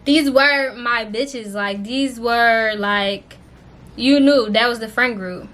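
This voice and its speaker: A young woman vlogger telling a story in a casual storytime style, expressive and full of slang and swearing. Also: fairly high pitch, slow pace.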